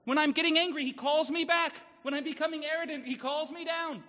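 Male pastor, very high and bright voice, earnest emphatic sermon, muffled recording in a reverberant church hall. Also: steady tone, a little fast. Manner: earnest, emphatic preaching with rhetorical questions.

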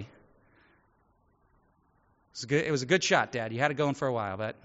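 A man's voice: medium pitch, fairly quick, pauses often, fairly bright tone. A man preaching a sermon in a church, talking conversationally and acting out the voices of the people in his stories. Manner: conversational, acts out quoted voices. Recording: echoey hall, dull audio.

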